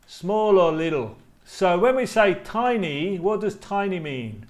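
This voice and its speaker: A man teaching a class live online, slowly repeating words for learners. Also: high-pitched, lively intonation. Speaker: English teacher.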